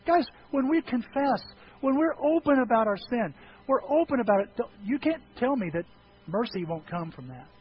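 A middle-aged male pastor preaching a sermon, telling stories and acting out voices, swinging from loud outbursts to hushed tones. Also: very high-pitched, big pitch swings, moderate pace. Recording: dull lo-fi recording with faint noise.

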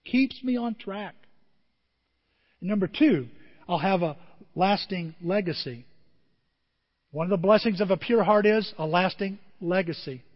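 A middle-aged pastor with a high voice delivers an animated sermon, drifting into stories and asides to his listeners. The recording is dull and muffled, and his voice rings out in a long reverb. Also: moderate pace. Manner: animated storytelling with asides to the congregation.

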